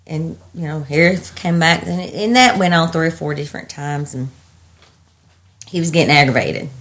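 A woman, telling her story as an interviewee in halting bursts full of restarts. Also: sits low, gravelly. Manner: halting, breathless retelling with restarts and laughter. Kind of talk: personal storytelling.

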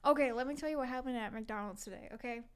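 Young woman, high voice, podcast host, animated storyteller, laughs a lot. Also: fast talker, clean tone. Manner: animated storyteller, laughs often, acts out quotes. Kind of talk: casual podcast chat. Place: room in a Florida home.

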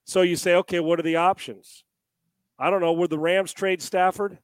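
A man's voice: high-pitched, little pitch movement, moderate pace, clean tone, dry recording. A man co-hosting a casual sports talk show, rambling and firing off rhetorical questions.

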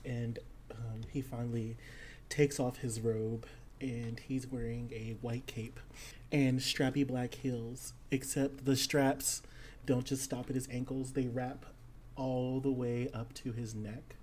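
Hesitant, casual mid-pitched narrator, faint background noise. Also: little pitch movement, slow pace, darkish tone. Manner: hesitant, filler-heavy.

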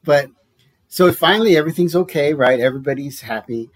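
Husky man telling a rambling story. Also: fairly high pitch, a little fast. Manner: rambling, self-deprecating, laughs often. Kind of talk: casual chat, storytelling.

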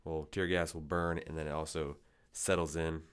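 A man's voice: very deep voice, level tone, normal speed, clean tone. A man in the military chatting casually on a podcast, wry and laid-back. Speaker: podcast guest, military member. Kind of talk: casual chat.

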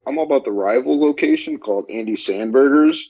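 Male guest, raspy tone, dull recording, teasing banter. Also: medium pitch, a little mellow. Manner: joking, teasing, quick to laugh. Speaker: podcast guest. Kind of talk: casual chat.

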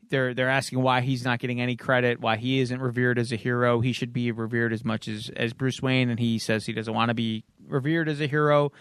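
A man's voice: medium pitch, a bit bright, clear, resonant tone, no echo, studio quality. A man hosting a podcast, casually recapping a comic issue in a loose, rambling way with frequent ums and uhs. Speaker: podcast host.

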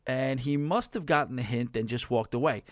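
A man hosting a casual podcast at an ordinary middle pitch. He rambles chattily through his stories, with plenty of fillers and little chuckles. The sound is close and dry. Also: normal speed, dry recording. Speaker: podcast host.

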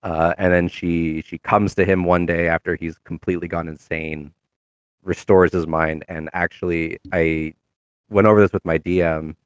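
Man, very low voice, smooth, casual rambling chat, dry close sound. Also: flat delivery, moderate pace, no room sound. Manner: rambling, full of fillers and restarts. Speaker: tabletop game player.

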